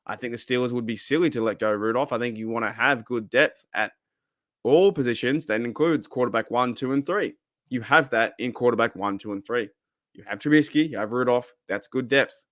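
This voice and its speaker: A man with an Australian accent hosting a casual live stream, rambling and excitable as he reacts to chat. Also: mid-range voice, brisk, no echo, clean studio sound. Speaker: livestream host.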